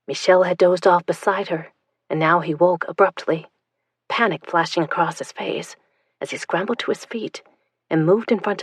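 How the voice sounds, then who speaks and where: A woman narrating an audiobook in a tense, hushed storytelling manner. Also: on the low side, husky, dry recording.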